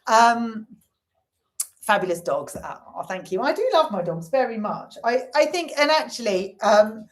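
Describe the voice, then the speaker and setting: A woman's voice: fairly high pitch, lively intonation, measured pace. A middle-aged woman chatting casually on a live stream, reading comments and swearing now and then. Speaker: livestream host.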